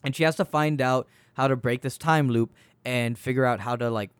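A man's voice: medium pitch, normal speed, smooth, dry recording. A young man in casual chat, rambling and swearing as he retells a movie, often laughing mid-sentence. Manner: rambling, profane, laughs while telling. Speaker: podcast co-host reviewing a movie.

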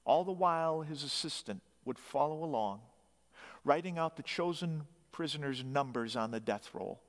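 A man's voice: a little high, lively intonation, normal speed, long reverb tail. A man narrating a story dramatically, swelling his emphasis on key phrases.

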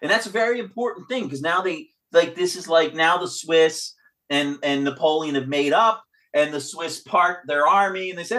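A man's voice: on the high side, normal speed. A man hosting a podcast, animatedly talking through a film's ending in casual chat and acting out its lines. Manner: animated, acts out lines from the film. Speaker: podcast host. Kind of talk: casual film discussion.

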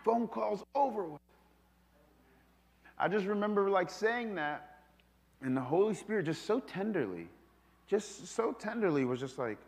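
A man delivers a sermon with a high-pitched voice, swinging from loud, emphatic calls to hushed, confiding asides. The sound carries the long reverb of a large hall. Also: sing-song, a little slow, pauses often. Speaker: pastor.

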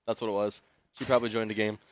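A man's voice: on the low side, little pitch movement, very fast, dry recording. Young man telling rambling stories. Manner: rambling storytelling full of fillers and laughter. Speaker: podcast co-host. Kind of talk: casual chat.

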